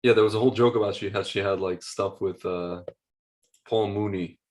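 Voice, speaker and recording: A man's voice: on the low side, fairly even intonation, normal speed, a little mellow. Rambling man chatting on a podcast. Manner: rambling, full of slang and restarts. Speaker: podcast co-host. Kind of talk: casual chat.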